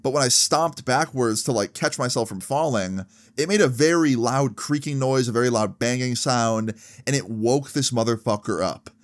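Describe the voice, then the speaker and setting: A man in his early twenties telling a personal story in an animated, swearing style, full of filler words. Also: medium pitch, normal speed. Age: early 20s. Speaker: vlogger. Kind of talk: storytime narration.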